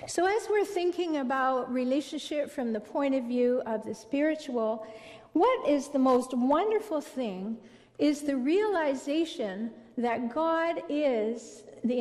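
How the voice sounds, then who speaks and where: A middle-aged woman giving a spiritual talk on relationships to an audience, telling stories with gentle emphasis. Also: fairly high pitch. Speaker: relationship speaker. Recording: long hall reverb.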